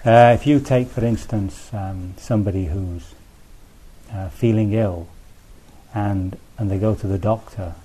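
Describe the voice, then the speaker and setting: Low mellow guy giving a buddhist talk, chatty, restarts a lot, bit of hiss behind. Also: unhurried. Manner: conversational, thinks aloud with restarts and asides. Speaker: Buddhist teacher. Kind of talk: dharma talk.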